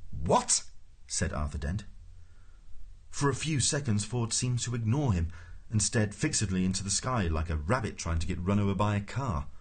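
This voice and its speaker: A man's voice: fairly low pitch, expressive, moderate pace, darkish tone, breathy edge. A man reading a comic novel aloud in scripted narration, with a dry, wry storytelling manner. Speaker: audiobook narrator.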